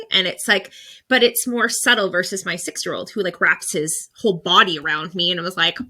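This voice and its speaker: Bright-voiced chatty woman host. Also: medium pitch, brisk. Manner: chatty, lots of "like". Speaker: podcast host. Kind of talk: podcast interview.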